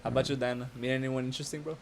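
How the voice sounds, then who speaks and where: A man co-hosting a casual podcast chat, cutting in with quick, teasing remarks. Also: medium pitch, little pitch movement, a little mellow, a little hiss or hum. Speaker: podcast co-host.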